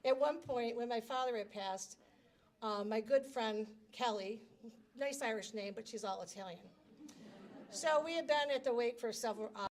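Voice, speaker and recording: A woman's voice: a little high, normal speed. A middle-aged woman giving a prepared personal speech as grand marshal at a reception, talking in a chatty, self-deprecating way into a handheld microphone. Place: reception hall.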